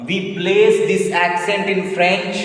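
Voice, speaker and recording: A man teaching a French lesson, speaking slowly and repeating each word several times while he quizzes his learner. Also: sits high, flat delivery, fairly bright tone, very echoey, big-room sound, rough recording. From India. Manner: slow, repeats words again and again, quizzes the learner. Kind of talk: classroom language lesson.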